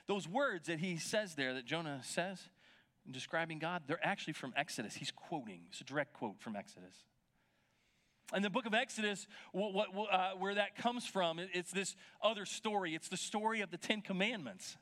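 Male pastor, bright and high-pitched, conversational sermon delivery that keeps checking in with the congregation. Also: animated, moderate pace. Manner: conversational retelling, checking in with listeners.

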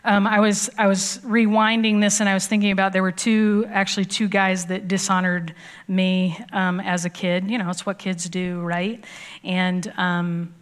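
A woman's voice: mid-range voice, a bit bright. Woman youth pastor in her 40s preaching, chatty, tells stories, laughs a lot. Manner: chatty, storytelling, laughs often, acts out quoted voices. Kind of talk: sermon.

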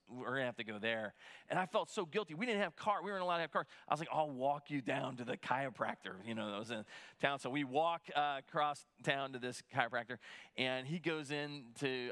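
A man's voice: mid-range voice, sharp tone. A middle-aged man, a pastor, giving a conversational sermon with a personal story, talking in restarts and fillers.

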